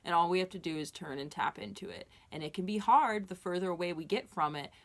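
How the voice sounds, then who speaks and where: A woman's voice: on the low side, fast talker. A woman giving a casual tarot reading, talking in an earnest, reassuring way with many fillers and restarts. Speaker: tarot reader.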